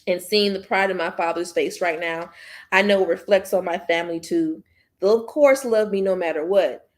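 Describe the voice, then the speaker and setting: Woman host, low voice, reads fiction aloud, casual asides to viewers. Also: a little mellow. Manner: chatty, slips and restarts, speaks to viewers as y'all. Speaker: book club host.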